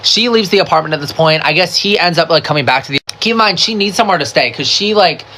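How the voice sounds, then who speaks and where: Bright, chatty, swearing storyteller. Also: medium pitch, quick pace, slight background noise. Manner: chatty, swears a lot, constant "like" fillers; dramatic, animated retelling with quoted voices. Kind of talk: casual storytime.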